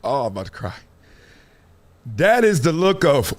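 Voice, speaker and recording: A middle-aged man hosting a live stream, with a slightly high-set voice. He tells his story in animated, slangy casual talk and speaks right to his viewers. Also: moderate pace. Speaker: show host.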